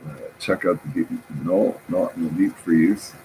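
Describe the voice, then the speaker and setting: A man's voice: low-pitched, fairly even intonation, normal speed, mellow, a little hiss or hum, rough recording. A man rambling through a casual, profane, self-mocking story with lots of fillers and restarts. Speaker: vlogger.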